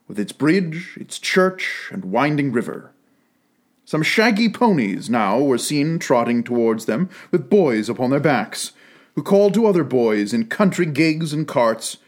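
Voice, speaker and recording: A man reading a classic story aloud, with an expressive, unhurried delivery. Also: a little high. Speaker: narrator.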